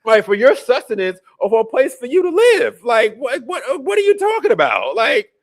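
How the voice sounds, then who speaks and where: A man with a high-pitched voice hosts a casual political podcast. He rants in profane disbelief, stacking up rhetorical questions and breaking into laughs. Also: huge pitch swings, normal speed. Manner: profane, incredulous ranting with laughs. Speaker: podcast host.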